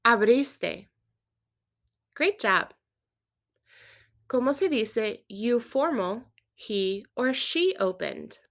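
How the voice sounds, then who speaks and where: A woman's voice: fairly high pitch, expressive, extremely slow, long pauses, a bit bright. Patient woman teaching a Spanish lesson. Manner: clear, patient instruction with quiz prompts. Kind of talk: scripted language lesson.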